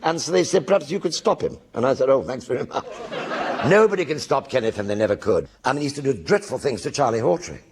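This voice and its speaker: A man's voice: mid-range voice, expressive, fast, noisy background. An older actor telling anecdotes in a one-man stage show in front of a live audience, acting out other people's voices as he goes.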